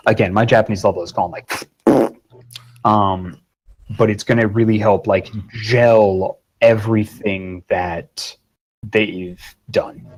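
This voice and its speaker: A man's voice: on the low side, rough recording. A man talking as a guest voice actor and game master, rambling and swearing casually in an interview.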